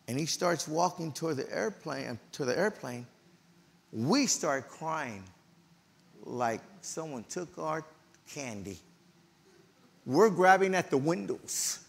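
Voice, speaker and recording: A middle-aged man preaching in a church, telling a personal story with emotional, animated delivery and loud outbursts. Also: a little high, gravelly, in a large hall. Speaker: pastor. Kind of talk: storytelling sermon.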